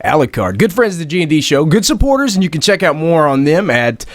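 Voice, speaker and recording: A man hosting a live internet radio show, casual banter delivered loudly with frequent laughs. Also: a little high, fast talker, dry recording. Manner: loud, laughs often, animated. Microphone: studio microphone.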